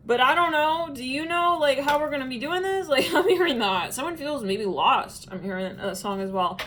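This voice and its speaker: A woman's voice: sits high, expressive, moderate pace, a bit bright, slight background noise, poor audio. A woman giving a casual tarot reading, chatty and musing, often breaking into laughter. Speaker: tarot reader.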